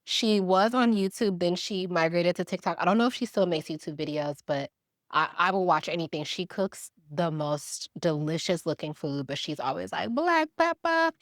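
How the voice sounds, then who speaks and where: A young woman from Milwaukee chatting to her viewers while she cooks in her home kitchen, animated and laughing easily. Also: on the low side, moderate pace, no echo, clean studio sound. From Milwaukee, Wisconsin, USA. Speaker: cooking vlogger. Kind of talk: casual chatty cooking vlog.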